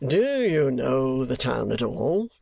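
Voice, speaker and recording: A man voicing a talkative, theatrical middle-aged theatre manager, speaking slowly and emphatically. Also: medium pitch, sing-song, creaky, a little mellow, husky, no room sound, heavily acted. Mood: probing.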